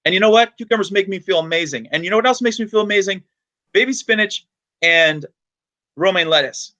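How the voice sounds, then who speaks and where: A man from the United States hosts a podcast, chatty and full of energy. He talks very fast, in a somewhat high voice. He tells stories freely and loosely. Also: bright, forceful tone, dull audio. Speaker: podcast host. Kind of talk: casual podcast chat.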